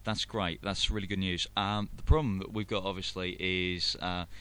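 A man's voice: deep voice, level tone, normal speed, sharp tone, clear, resonant tone. A man with a London accent hosting a live internet radio show, rambling through announcements with many fillers and restarts. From London, England. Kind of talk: casual live radio chat.

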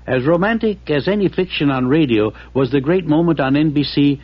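Lively man hosting a radio retrospective. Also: on the high side, a little fast, background noise. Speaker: host. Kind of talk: scripted retrospective narration. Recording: dull lo-fi sound.

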